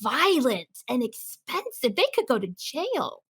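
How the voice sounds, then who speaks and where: Woman co-host, 30s, from Texas, emphatic and animated, slightly higher voice. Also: a little slow, breathy edge. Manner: animated, emphatic, jumps between points. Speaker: podcast co-host. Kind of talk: casual chat.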